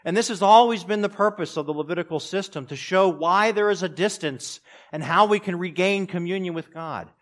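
A man preaching a sermon, swinging between loud, raised passages and quiet, low asides. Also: a little fast. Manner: preaching with strong rises and drops in pitch and loudness. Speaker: pastor.

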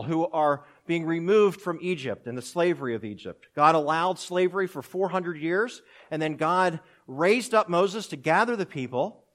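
A man's voice: high voice, fairly bright tone. A man preaching a sermon, building drama as he quotes and answers rhetorical questions. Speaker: pastor.

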